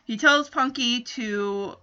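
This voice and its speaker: A woman's voice: a little high, takes it slowly, bright, forceful tone, smooth. A woman recapping a TV episode in a casual chat, joking and adding indignant asides. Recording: dull lo-fi audio.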